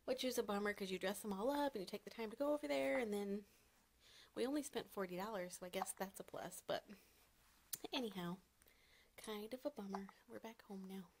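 A young woman talking casually to the camera in a home vlog, soft-spoken and chatty. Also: medium pitch, fairly quick, vocal fry, slight background noise. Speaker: vlogger and mother.

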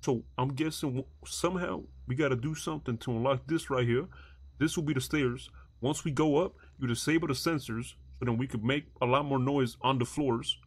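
A young man streaming a heist roleplay, rambling and swearing as he thinks the plan out loud. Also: mid-range voice, fairly quick, breathy edge, dry recording. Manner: rambling, profane, thinks aloud while planning. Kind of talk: casual gaming chat.

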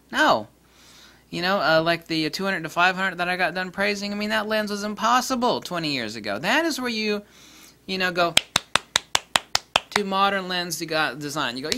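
A man ranting casually about camera lenses, blunt, profane and mocking, with big swings in pitch and loudness. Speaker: camera lens reviewer. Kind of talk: casual opinionated rant.

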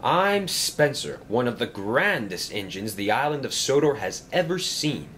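A man's voice: mid-range voice, very animated, unhurried, fairly bright tone, a little hiss or hum, pitched above the performer's own voice. A man voicing a boastful, smug, grand silver male engine in a toy-train story. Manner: pompous, smug.

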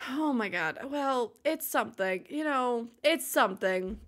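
Giggly high-voiced woman streamer. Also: expressive, unhurried, fairly bright tone. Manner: giggly, exclaiming, breaks into laughter. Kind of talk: live gaming stream chat.

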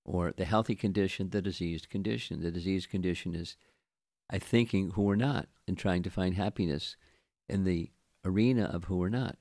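A man giving a scripture lecture as a spiritual teacher, speaking in a halting way with frequent restarts and repeated words. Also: low voice, darkish tone, dry recording.

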